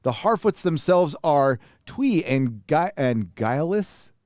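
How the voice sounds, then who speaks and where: A man hosting a podcast reads an article aloud, breaking off for joking asides and tripping over long words. His voice sits a bit high and swings lively in pitch. The sound is dry and close. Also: slow, dry recording. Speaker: podcast host. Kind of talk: casual panel chat, reading an article aloud.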